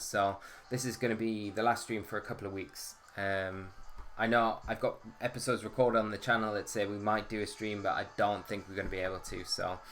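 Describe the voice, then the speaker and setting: A man's voice: on the low side, a bit bright. A man hosting a casual live stream, chatting and greeting viewers by name.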